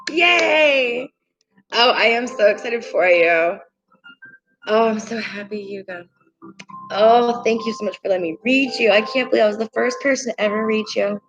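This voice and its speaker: A woman's voice: medium pitch, moderate pace, dull audio. A woman reading tarot cards on a live stream, bubbly and gushing as she talks to her viewers. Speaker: tarot reader. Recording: clear music bed behind voice. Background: soft meditation music.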